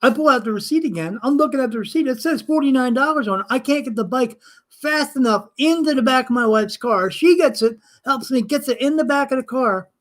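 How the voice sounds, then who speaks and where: High-voiced older man telling a story. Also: a little fast. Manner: animated, acts out dialogue, casual swearing. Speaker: spirit medium hosting a live stream. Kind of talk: casual anecdotal storytelling.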